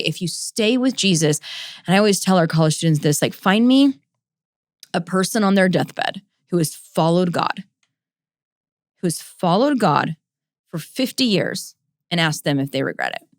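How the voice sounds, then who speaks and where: A woman's voice: on the low side, no echo, studio quality. A woman in her thirties hosting a casual Q&A podcast, emotional and rambling, full of "like" and "oh my gosh.". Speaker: podcast host and ministry leader.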